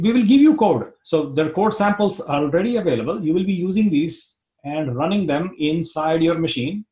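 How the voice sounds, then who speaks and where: A man's voice: fairly high pitch, darkish tone, echoey room. A man teaching a tech course, reassuring his learners and explaining step by step. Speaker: course instructor.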